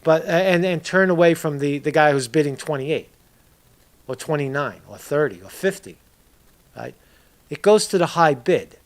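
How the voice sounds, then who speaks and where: A political commentator rants in a casual commentary video, profane and rambling, ending lines with "right?". His voice is a little high and animated. He talks at a normal speed.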